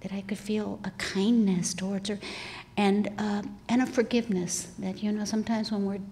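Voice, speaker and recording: A woman's voice: mid-range voice, level tone, moderate pace. A woman in her sixties, an author guest, telling a personal story in an earnest, reflective conversational way. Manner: earnest and reflective, drops to soft breathy asides.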